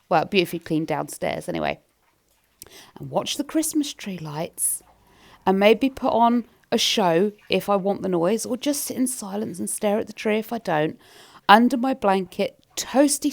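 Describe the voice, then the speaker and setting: A woman's voice: mid-range voice, gravelly. A woman chatting to camera while cleaning her house, rambling in a friendly way to her viewers. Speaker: cleaning vlogger.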